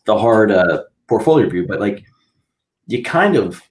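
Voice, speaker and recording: A man's voice: lowish voice, big pitch swings, normal speed, roomy sound, a little hiss or hum. A man co-hosting a podcast, chatting casually and rambling, with lots of "you know" as he hedges his points. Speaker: podcast co-host, comic artist. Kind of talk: casual chat.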